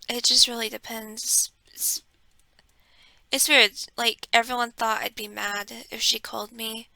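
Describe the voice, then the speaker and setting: A woman talking casually about her life in an airy, breathy voice, soft and halting, sometimes slipping into a whisper. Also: fairly high pitch, dry recording. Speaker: content creator. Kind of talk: casual personal talk.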